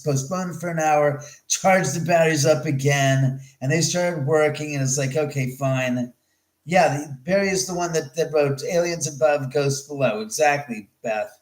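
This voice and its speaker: A man hosting a livestream, telling a story in an animated, rambling way with plenty of swearing and repeated words. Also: fairly high pitch, reverberant, poor audio. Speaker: host of a livestream.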